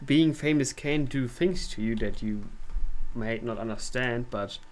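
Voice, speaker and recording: A man's voice: mid-range voice, unhurried. A man chatting casually on a stream while he plays a strategy game, swearing now and then.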